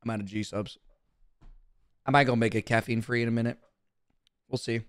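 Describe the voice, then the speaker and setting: A man's voice: mid-range voice, steady tone, fairly quick, smooth. A young man streaming casually, talking to his chat in a brash, profane, defensive way.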